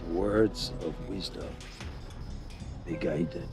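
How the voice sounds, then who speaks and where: A defiant, deep-voiced department head. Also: male voice, extremely slow, vocal fry, over music, heavily acted. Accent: Nigerian. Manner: blunt and defiant, drops Pidgin proverbs. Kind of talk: TV drama acting.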